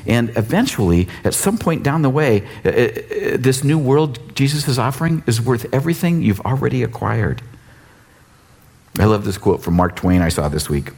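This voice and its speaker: Animated, husky-voiced man preaching. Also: medium pitch, normal speed. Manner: casual, animated preaching with acted-out quotes. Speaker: pastor. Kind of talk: sermon.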